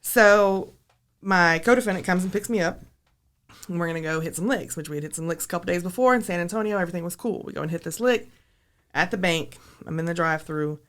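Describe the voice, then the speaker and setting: Fast-talking woman telling stories. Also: on the low side. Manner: blunt, profane, laughing through her story. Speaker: podcast guest. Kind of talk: casual storytelling.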